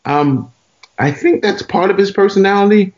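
A man on a casual comedy podcast as a guest comedian, laid-back and quick to laugh. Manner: laid-back, laughs often, lively swings in pitch. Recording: dull lo-fi sound.

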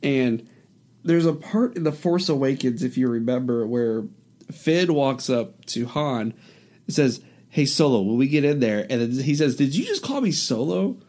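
Chatty man, animated and laughing. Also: mid-range voice, a little slow. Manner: animated, acts out quoted lines, laughs often. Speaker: podcast co-host. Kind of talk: casual chat.

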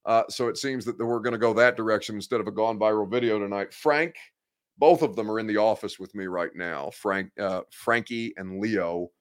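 A man in his late twenties hosts a sports talk show from his office, chatting with viewers and reading their comments in a blunt, candid, rambling way. He speaks at normal speed with a fairly low pitch.

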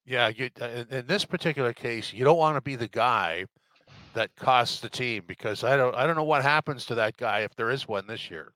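Bright-voiced man hosting a podcast. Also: mid-range voice, brisk, dry recording. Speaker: podcast host. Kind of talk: casual sports chat.

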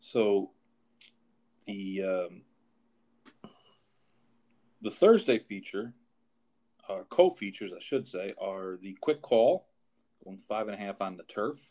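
Low-voiced man rambling through a race card. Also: animated, mellow. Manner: halting, with many fillers and restarts. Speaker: racing show host. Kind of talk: casual chat.

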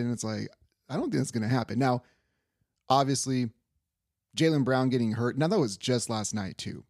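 A man's voice: medium pitch, lively intonation, fairly quick, pauses often, a little mellow, dry recording, clean studio sound. Casual young man hosting a sports podcast. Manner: loose, rambling, swears casually. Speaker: podcast host.

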